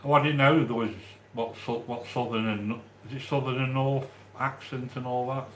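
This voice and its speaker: A man's voice: medium pitch, flat delivery, moderate pace, fairly bright tone, echoey room. Man, Midlands English accent, casual live-stream chat, affectionate, restarts a lot, faint background noise. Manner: chatty and affectionate, with many restarts. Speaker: livestream host reading chat.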